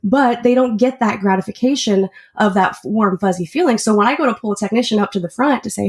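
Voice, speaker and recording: A woman's voice: mid-range voice, fast, hardly any pauses. A woman who works as an auto shop service advisor, talking earnestly and at length as a podcast guest. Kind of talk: casual interview chat.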